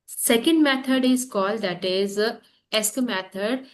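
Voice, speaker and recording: Woman teacher in a classroom, halting, keeps repeating words, bit of faint noise behind. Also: on the high side. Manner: halting, repeats terms, fills gaps with "that is". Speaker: French teacher. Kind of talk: classroom lesson. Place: classroom with students.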